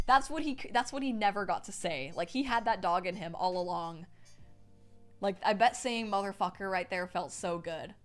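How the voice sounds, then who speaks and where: A young woman narrating a novel on a live stream, her voice sitting at an everyday middle pitch. She bursts into excited, cursing reactions between passages, with faint music playing under her. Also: normal speed. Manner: excitable, swears freely, squeals in reactions. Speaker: streamer reading a novel aloud.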